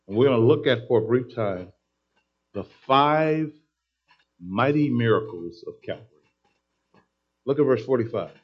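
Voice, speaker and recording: A man preaching a sermon, telling a story with excitable, emphatic energy. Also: medium pitch. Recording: dull lo-fi sermon recording.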